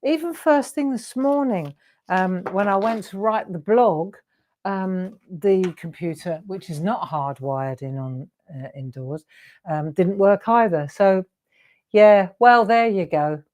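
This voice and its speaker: A woman's voice: medium pitch, expressive, slow pace, darkish tone. A middle-aged woman hosting a live craft demonstration, chatty and encouraging, often asking her viewers questions. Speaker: craft show host.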